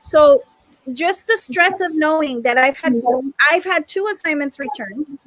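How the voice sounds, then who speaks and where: A woman's voice: high voice, animated, unhurried, a bit bright, no room sound, low-quality recording. A woman teacher speaking in a group meeting, exasperated and emphatic, repeating her points. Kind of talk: frustrated discussion in a group meeting.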